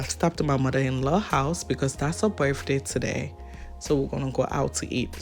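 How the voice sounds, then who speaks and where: African-accented woman vlogger, chatty and laughing, with faint music under her. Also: sits low. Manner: chatty, laughs often, talks straight to the viewer. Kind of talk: casual vlog chat.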